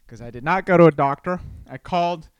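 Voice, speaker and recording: A man's voice: fairly high pitch, quick pace, clear, resonant tone, no room sound. A man hosting his own podcast, telling a rambling personal story in a chatty, casual way. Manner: rambling, chatty, with many restarts and fillers. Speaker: podcast host. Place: Texas home.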